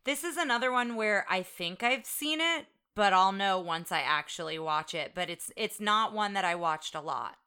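Co-host, woman from Texas, lively clear bright voice, curious. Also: mid-range voice, normal speed, hardly any pauses. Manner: curious, questioning, laughs often. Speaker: podcast co-host. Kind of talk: casual chat.

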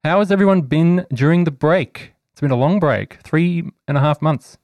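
A man's voice: a little high, moderate pace, darkish tone, no echo. A man hosting a tabletop game podcast, upbeat and teasing in casual chat. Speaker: podcast host and game master.

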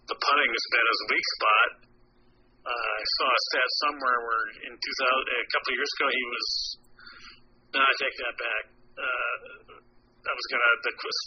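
A man's voice: mid-range voice, lo-fi sound, slight background noise. A man, a golf writer guest in a casual interview, talking in a wry, self-deprecating way and often restarting his sentences.

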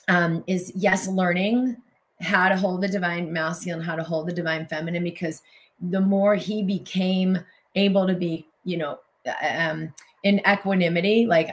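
Emotive, lower-voiced woman talking. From United States. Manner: emotional, effusive, flowing speech. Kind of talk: casual conversation.

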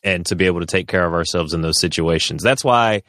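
A man co-hosting a podcast, talking in a casual, rambling, animated way with frequent restarts. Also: deep voice, fast talker, dry recording, studio quality. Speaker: podcast co-host.

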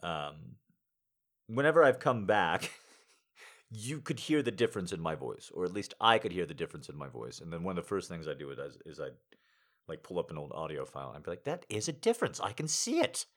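A man chatting to his listeners in a rambling, heartfelt way, with halting restarts. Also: deep voice, expressive, fairly bright tone. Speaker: audio creator. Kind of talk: casual chat to listeners.

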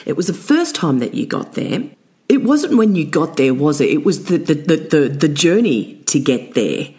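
A woman's voice: deep voice, sing-song, moderate pace, darkish tone. A woman in her forties hosting an interview, chatty, laughing often and repeating words as she asks questions. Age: 40s. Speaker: podcast host. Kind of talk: casual interview chat.

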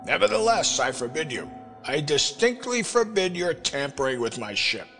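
A man's voice: fairly high pitch, very animated, moderate pace, pushed and bright, voice pushed up, exaggerated voice. A man voicing a brutal, blind sea captain who sneers and threatens, in a storybook reading over music. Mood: threatening. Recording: reverberant with music underneath.

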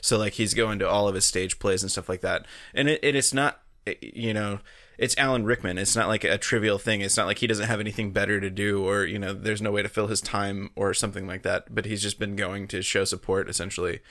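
A man co-hosting a podcast, telling stories in a rambling, halting way. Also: on the low side, steady tone, pushed and bright, no echo, studio quality. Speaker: podcast co-host. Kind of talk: casual podcast chat.

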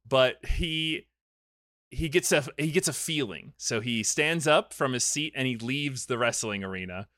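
A young man hosting a casual comedic podcast, recapping a movie in an animated, riffing storytelling manner. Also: medium pitch, measured pace, no echo, clean studio sound. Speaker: podcast host recapping a film.

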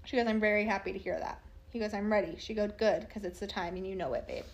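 A woman's voice: medium pitch, quick pace, slight background noise. A woman telling a true crime story by reading text messages aloud, in a plain, matter-of-fact way with casual asides.

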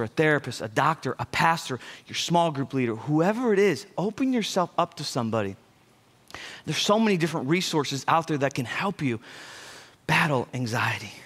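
Bright-voiced young male preacher. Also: fairly high pitch. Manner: conversational, animated preaching with asides. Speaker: pastor. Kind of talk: sermon.

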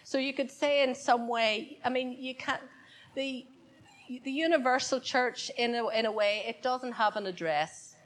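Woman preacher, off-the-cuff sermon, leans on repeated phrases, voice on the higher side. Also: measured pace, low-quality recording. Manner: unscripted, repeats key words for emphasis. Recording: church service, congregation present.

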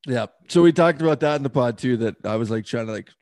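Profane, animated male podcast co-host. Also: mid-range voice, fast talker. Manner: profane, laughing, animated retelling. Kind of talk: casual storytelling chat.

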